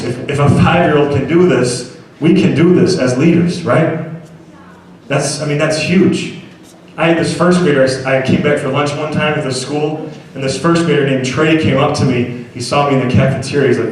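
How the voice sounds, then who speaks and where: Speaking at a school assembly, a man tells a motivational story to children and earnestly asks the crowd to agree with him. His voice is fairly high and moderately paced, with a little hiss or hum. The hall is very echoey, and he sounds far away.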